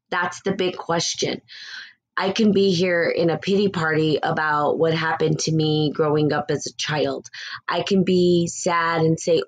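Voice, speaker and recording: A woman hosting a spiritual talk show, speaking in a blunt, candid, casual way, swearing freely and laughing now and then. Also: sits low. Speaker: spiritual podcast host.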